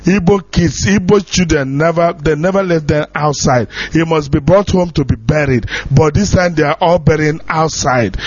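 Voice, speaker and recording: A man's voice: a little high, no echo. Pleading man on muffled radio. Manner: pleading, repetitive. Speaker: radio caller from the diaspora. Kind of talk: impassioned radio appeal. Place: radio studio.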